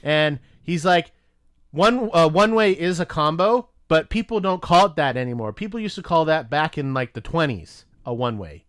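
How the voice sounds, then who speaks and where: Speaking at a moderate pace, a man with a fairly high voice co-hosts a podcast and shares a profanity-laced story from work, animatedly acting out what was said. The audio is dry and of studio quality.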